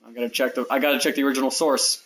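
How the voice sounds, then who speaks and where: A man's voice: medium pitch, fairly even intonation, rapid-fire, fairly bright tone. Chatty young American man streaming. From United States. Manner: rambling, chatty, talks straight to viewers. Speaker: game streamer. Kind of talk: casual live-stream chat. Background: faint background music.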